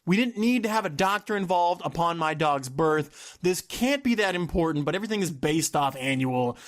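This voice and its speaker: A man hosting his own podcast, complaining in an exasperated, animated way with laughs and sudden outbursts. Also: a little high, normal speed. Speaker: podcast host. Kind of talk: solo ranting podcast.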